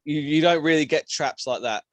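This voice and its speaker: A man co-hosting a casual podcast chat, animated and laughing often, a little tipsy from beer. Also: on the high side, moderate pace. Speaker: podcast co-host.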